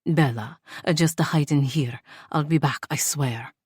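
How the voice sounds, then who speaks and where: Woman doing a low hushed guy voice, protective and steady, dry audiobook sound. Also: measured pace, breathy edge, no room sound, exaggerated voice. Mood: urgent. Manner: lowered, hushed put-on voice. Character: protective man, calm and firm with his lover.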